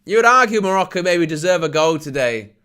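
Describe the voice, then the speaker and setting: A young man calls a football match live for his channel's viewers. His voice is bright and a little high for a man. He talks through the play in a steady flow and bursts into excited shouts when a chance goes close. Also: fairly quick, smooth. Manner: excitable, rises to shouts at near misses. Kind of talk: live football watch-along commentary.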